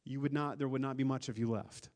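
A pastor preaching a sermon, earnest, with a voice that swells louder and then drops to a hush, often repeating words as he restarts. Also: mid-range voice, fairly even intonation, fast talker. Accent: Upper Midwest American.

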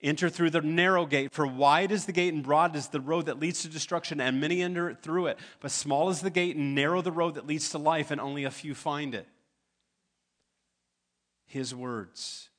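A man's voice: fairly high pitch, moderate pace, fairly bright tone. A man preaching a sermon as pastor, emphatic, building to urgent pleas.

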